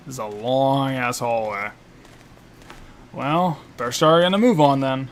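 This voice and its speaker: A man's voice: medium pitch, measured pace, long pauses, slight background noise. A man, a game critic, giving casual commentary while playing, chatty and joking as he thinks aloud. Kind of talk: casual let's-play commentary. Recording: faint game music behind.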